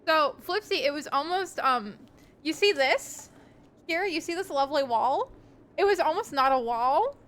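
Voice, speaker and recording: A woman's voice: high voice, lively intonation, moderate pace, a bit bright. A young woman streaming live, chatting casually with her viewers in a rambling, giggly way with lots of ums.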